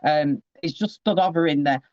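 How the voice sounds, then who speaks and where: Chatty man, high voice. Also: moderate pace, darkish tone, no room sound, lo-fi sound. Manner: chatty, rambling, keeps breaking off with asides. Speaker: psychic medium giving a reading. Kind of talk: casual one-to-one reading. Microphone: video call.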